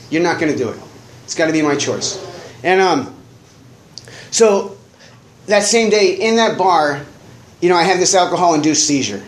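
A man's voice: high-pitched, lively intonation, moderate pace. A man telling a long personal story in a casual, rambling way, full of fillers and laughs. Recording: roomy echo, faint noise.

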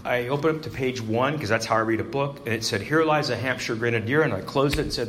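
A man's voice: mid-range voice, quick pace, a bit bright, slight background noise, poor audio. A man speaking to a live meeting, telling his own recovery story with wry, self-mocking, darkly joking storytelling. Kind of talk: personal recovery story told to a live audience. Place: meeting hall with an audience.

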